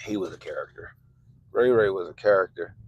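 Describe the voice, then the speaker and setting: A man hosting a livestream, ranting casually and swearing constantly, swinging between loud outbursts and low mutters. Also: brisk, dull audio. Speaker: livestream host. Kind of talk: profane casual rant. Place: Baltimore.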